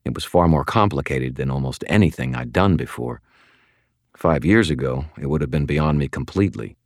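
Very deep-voiced man narrating a story. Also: no echo, studio quality. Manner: measured, steady storytelling with sudden shouted outbursts. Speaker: audiobook narrator. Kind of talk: first-person scripted narration.

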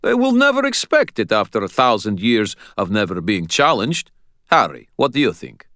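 A man's voice: lowish voice, very animated, normal speed, pushed and bright, dry recording, clean studio sound, voice pushed up, full character voice. Man doing a reckless, insistent woman fighter. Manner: insistent, arguing.

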